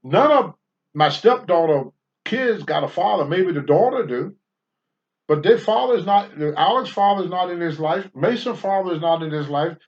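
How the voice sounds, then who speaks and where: A man's voice: high voice, expressive, normal speed. An older man, a former pro wrestler, speaking bluntly and with profanity as a talk-show guest. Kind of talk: candid talk-show storytelling. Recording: dull lo-fi sound.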